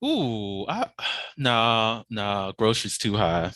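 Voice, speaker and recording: Animated, profane man hosting a podcast. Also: fairly low pitch, slow, noisy background. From Georgia, USA. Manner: animated, profane, laughing storyteller. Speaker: podcast host. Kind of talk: casual chat.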